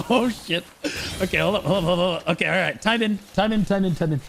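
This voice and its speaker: A man streaming an online game, commenting live and swinging between shouted trash talk and low muttering. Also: fast talker, creaky, a little hiss or hum.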